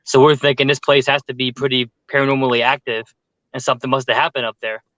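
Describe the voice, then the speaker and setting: A man telling a story with lots of fillers in casual chat on a group call, animated and talkative. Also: mid-range voice, fast talker, no echo, lo-fi sound. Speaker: paranormal youtuber telling a story.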